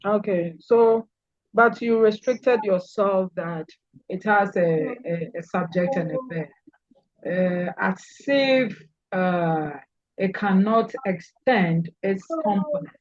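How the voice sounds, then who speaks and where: A woman lecturer teaches over a video call, calling on students by name and repeating her main points. She speaks slowly and deliberately. The audio is dry and dull, like a lo-fi online call. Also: medium pitch, darkish tone, no echo. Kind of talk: online class discussion.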